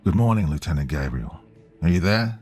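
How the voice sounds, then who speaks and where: A breezy, cheerful radio operator with an Australian accent, put on by a male storyteller. His deep voice stays upbeat and easygoing, with faint music behind it. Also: expressive, a little fast, a little mellow, slightly rough.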